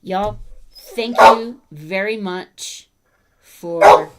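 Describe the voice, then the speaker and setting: A woman's voice: mid-range voice, drawn-out words, heavy background noise. A woman hosting a casual livestream, chatting with viewers and breaking off to talk to her dogs. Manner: chatty, talks to her dogs and chat between thoughts. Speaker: livestream host.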